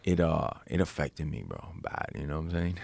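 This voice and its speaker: A man with a very deep, gravelly voice speaks as a podcast guest. His delivery is subdued and quiet. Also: expressive, fairly quick, dry recording. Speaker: guest fighter. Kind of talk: casual chat.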